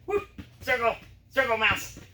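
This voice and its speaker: A man's voice: very high voice, big pitch swings, measured pace. A man performing a dog trick show, telling a rambling story and breaking off to cue his dogs. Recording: roomy, distant mic, background noise.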